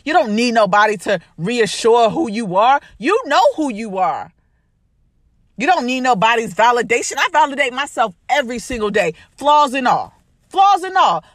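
A woman's voice: on the high side, fairly bright tone, dry recording. Emphatic woman podcast host, dry close mic. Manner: preachy, emphatic, repetitive, uses "baby". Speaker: podcast host, life coach. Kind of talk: motivational talk to listeners.

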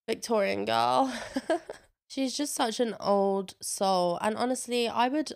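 Chatty young woman with a smooth, clear voice. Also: medium pitch. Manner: chatty, swears casually, says "like" a lot. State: a bit congested. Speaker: vlogger. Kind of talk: casual chatty vlog. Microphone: own microphone with a noise gate.

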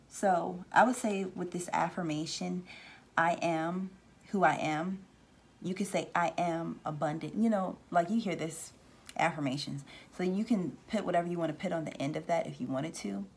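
Low-voiced woman giving a rambling spiritual talk. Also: normal speed, gravelly, husky. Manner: rambling, with restarts and quoted voices. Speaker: spiritual reader and channel host. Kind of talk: casual spiritual channeling talk.

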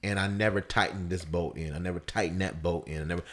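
A man in casual conversation telling a personal story, loose and full of fillers, his voice leaping high when he acts out people shouting. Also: quick pace, slight background noise. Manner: animated storyteller, voice jumps up high for quoted shouts. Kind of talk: casual chat.

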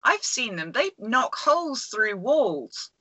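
A woman chats on a podcast call, excitable and giggly, with playful tangents. Her higher voice is bright and sharp, with a breathy edge. Her pitch swings widely, and the sound is dry and close. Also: takes it slowly, no echo. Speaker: podcast co-host. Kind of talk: casual chat over a video call. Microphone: video call.

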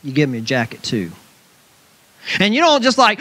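This preacher's voice sits fairly high and moves at a normal speed. Animated in his sermon, he repeatedly turns to the congregation with "right?" and slips into quick, mocking impressions of other people.

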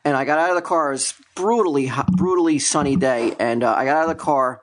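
Higher-voiced man, animated storyteller. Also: quick pace. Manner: animated, profane, laughs often while telling stories. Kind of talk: casual chat.

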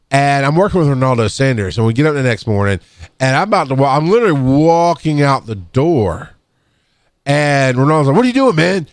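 A middle-aged man, an EMT and podcast co-host, telling rambling work stories in casual chat and jumping up in pitch to act out other people's lines. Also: no echo, studio quality. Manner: rambling, restarts, acts out quotes in a higher voice. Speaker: podcast co-host, EMS worker. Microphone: studio microphone.

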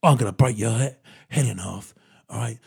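A man putting on the voice of a gruff, menacing tough-guy hard man, speaking lower than his usual voice. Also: normal speed, darkish tone. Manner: menacing, growled threats.

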